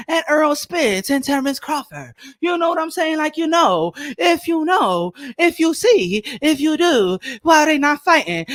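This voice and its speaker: A man hosting a boxing talk show, ranting in a loud, hyped, shouting manner with a gravelly voice. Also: very high-pitched, no echo, studio quality. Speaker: boxing channel host.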